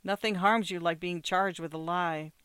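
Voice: mid-range voice, steady tone, moderate pace, a bit bright, smooth, no room sound, natural voice. A narrator voicing an aggrieved old peasant.

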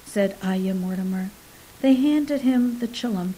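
A woman narrates short fiction with a mellow, warm tone and a steady, unhurried delivery. Her voice sometimes sinks into a soft whisper. A faint hiss sits under the recording. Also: medium pitch, low-quality recording. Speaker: story reader. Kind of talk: scripted narration of short stories.

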